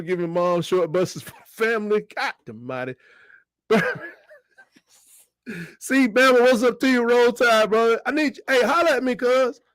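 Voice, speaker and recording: Middle-aged guy on a sports livestream, high voice, bounces all over, dry close sound. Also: clean tone, no room sound. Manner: animated, joking, reads out chat comments and bursts into high squeals. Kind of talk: casual livestream commentary.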